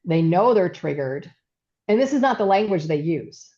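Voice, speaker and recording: Chatty woman business coach, lowish voice, muffled lo-fi recording. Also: expressive, normal speed, mellow. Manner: chatty storyteller, many fillers and asides. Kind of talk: casual podcast chat. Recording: dull lo-fi sound.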